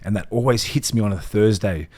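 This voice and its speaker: A man's voice: on the low side, brisk, a little mellow. An Australian man co-hosting a casual podcast, laid-back and rambling, swearing freely. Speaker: podcast co-host.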